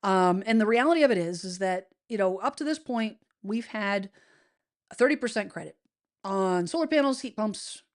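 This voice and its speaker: A woman's voice: mid-range voice, expressive, normal speed. Middle-aged American woman, casual livestream host, rambling and chatty, reads comments aloud. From United States. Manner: chatty and rambling, many fillers and restarts. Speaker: real estate show host. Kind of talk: casual livestream chat reading viewer comments.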